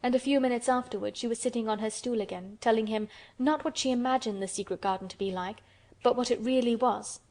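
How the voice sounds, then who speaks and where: Female audiobook narrator, slightly high voice, steady measured reading. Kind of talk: scripted narration.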